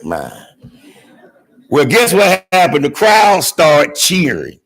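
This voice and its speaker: Gravelly man telling a lively story. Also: a little high, takes it slowly. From Georgia, USA. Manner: call-and-response with the audience, dramatic swings from hushed to shouting. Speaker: graduation guest speaker. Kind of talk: animated storytelling speech.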